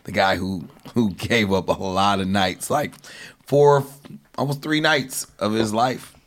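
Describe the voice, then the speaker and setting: A man's voice: lowish voice, unhurried. A man trading bawdy jokes in a casual comedy chat. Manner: joking, bawdy banter. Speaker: comedian podcast guest.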